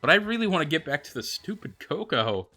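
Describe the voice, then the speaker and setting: A young man streaming a game, reading out viewer comments and answering them in a chatty, animated way. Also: on the high side. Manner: chatty, animated, answers chat with quick excited reactions. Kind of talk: casual livestream chat reading viewer comments. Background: faint background music.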